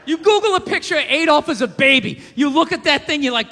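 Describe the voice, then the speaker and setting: Guy doing profane stand-up, bright sharp voice, faint room hum behind. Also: extremely high pitch, fast, few pauses, big-room sound. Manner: profane, rambling, animated rants with acted-out quotes. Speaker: stand-up comedian. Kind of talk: stand-up comedy routine.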